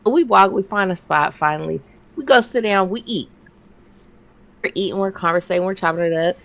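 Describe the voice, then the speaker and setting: A woman in her thirties co-hosting a podcast, telling a story in casual chat and jumping her pitch to act out what others said. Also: fairly quick, creaky, rough recording. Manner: animated, acts out quotes with big pitch jumps. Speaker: podcast co-host.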